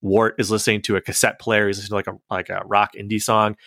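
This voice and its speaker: A man's voice: on the low side, flat delivery, very fast, fairly bright tone, dry recording. A young man in casual chat, recapping a cartoon with many fillers and laughs. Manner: rambling, filler-heavy, laughs while telling.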